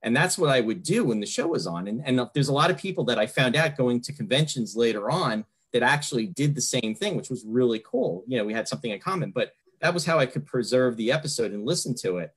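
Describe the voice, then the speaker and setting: A man's voice: mid-range voice, expressive, fast talker, few pauses, husky. A man in his fifties from the New York area, hosting a casual fan interview and talking in long, rambling runs. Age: 50s. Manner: rambling, many fillers and restarts. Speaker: host.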